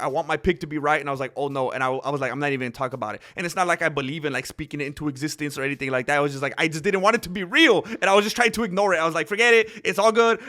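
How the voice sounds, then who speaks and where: A man hosting a casual commentary stream, rambling and animated, often acting out quotes. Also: on the high side. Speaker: host.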